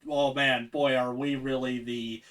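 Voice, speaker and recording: A man with a Midwest Canadian accent in casual chat as a tabletop game player, easygoing and quick to laugh, trailing off into fillers. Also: medium pitch, little pitch movement, a bit bright, distant mic.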